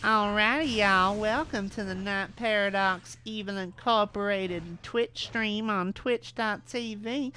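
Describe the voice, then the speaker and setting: A man's voice: high-pitched, steady tone, unhurried, hardly any pauses, pushed and bright, slight background noise, pitched above the performer's own voice. A man putting on a drawling Southern mom. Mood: folksy welcome. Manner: drawling, homey greetings. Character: folksy Southern US mom, cheerful host.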